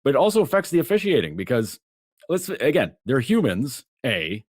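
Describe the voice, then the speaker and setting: A man talking sports as a podcast guest, animated, often restarting and acting out what others said. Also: medium pitch, normal speed, no room sound, studio quality. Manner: animated, acts out quotes, many restarts. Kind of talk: casual sports chat.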